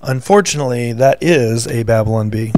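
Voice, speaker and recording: A man's voice: medium pitch, a little fast, a little mellow, dry recording. A man co-hosting a casual faith podcast, teasing his co-host and reading news headlines aloud in a playful quiz. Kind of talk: casual chat, quiz game.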